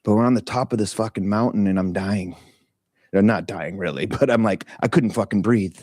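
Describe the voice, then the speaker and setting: A man's voice: on the low side, a little fast, a little mellow, no room sound, studio quality. Candid, swearing man telling a story. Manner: candid, swears freely, laughs often, many fillers. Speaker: meditation talk leader. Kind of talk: casual personal storytelling.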